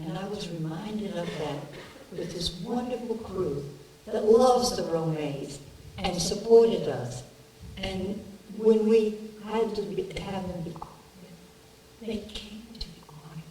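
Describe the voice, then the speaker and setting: A woman's voice: medium pitch, expressive, takes it slowly, mellow, echoey room, distant mic, a little hiss or hum, rough recording. A woman, an actress joining a film Q&A remotely, giving a heartfelt, earnest and emphatic speech. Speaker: actress guest on a remote video link.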